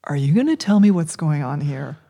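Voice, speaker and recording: A woman's voice: low voice, expressive, fairly quick, creaky, dark tone, pitched below the performer's own voice, heavily acted. A woman playing a young female food-stall worker who talks in an anxious, rambling way.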